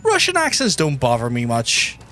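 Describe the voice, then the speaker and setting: A man's voice: medium pitch, huge pitch swings, normal speed, bright, forceful tone. A young Irish man chatting casually on a gaming livestream, blunt and sweary, full of restarts and fillers. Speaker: gaming streamer. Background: game music.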